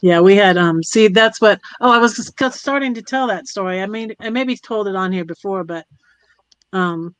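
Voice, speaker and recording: A woman's voice: medium pitch, moderate pace, dry recording. A middle-aged woman from California hosting a live stream, chatting casually, laughing often and trailing off with ums. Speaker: poetry stream host.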